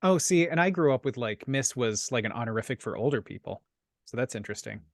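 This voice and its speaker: Male podcast co-host, mid-pitch voice, dry close sound, loose rambling delivery. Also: lively intonation, fast, gravelly, no echo. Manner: rambling, many restarts and laughs. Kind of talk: casual chat.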